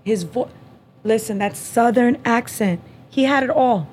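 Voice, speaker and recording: Profane, animated woman telling dating stories. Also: on the high side, a little slow, a little hiss or hum. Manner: animated, profane, acts out dialogue. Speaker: podcast host. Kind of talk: casual storytelling chat.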